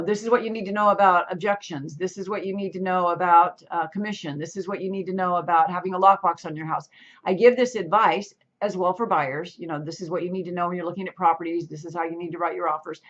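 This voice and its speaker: A woman's voice: fairly low pitch, a bit bright. Chatty middle-aged woman, slightly dull audio. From California. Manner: chatty, self-interrupting, lots of asides. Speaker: real estate agent and channel host. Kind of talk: casual talking-to-camera intro.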